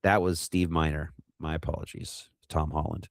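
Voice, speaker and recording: Low-voiced man recapping a movie. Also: little pitch movement, normal speed, gravelly, no room sound, studio quality. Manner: rambling, acts out quotes in funny voices. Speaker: podcast co-host. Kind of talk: casual movie recap chat.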